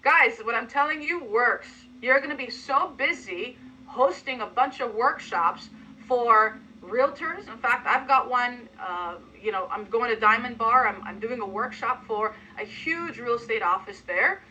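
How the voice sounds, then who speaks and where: A woman giving an energetic coaching talk to a sales team, acting out sample pitches with emphatic delivery. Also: unhurried, few pauses, slight background noise, rough recording. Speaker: sales trainer.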